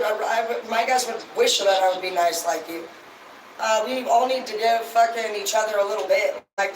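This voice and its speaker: A woman hosting a casual livestream rant, blunt and heavily profane as she rambles. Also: fairly high pitch. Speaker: livestream host. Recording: echoey, distant mic, noisy background.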